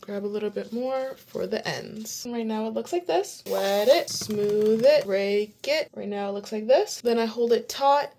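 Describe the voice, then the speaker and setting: Young woman vlogger, slightly high pitch, casual and chatty, talks through each step at home. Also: measured pace, creaky, hardly any pauses, warm tone, a little hiss or hum. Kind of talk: casual hair tutorial vlog.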